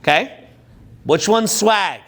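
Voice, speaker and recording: High-voiced, crude joking seminar man. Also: slow pace, a bit bright. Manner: crude, joking, quizzes the audience. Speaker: dating coach. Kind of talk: live seminar talk.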